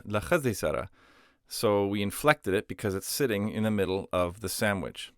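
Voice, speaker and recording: A man's voice: lowish voice, a bit bright, no echo, clean studio sound. A man teaching a language lesson, explaining patiently with simple everyday comparisons. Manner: patient, uses simple analogies.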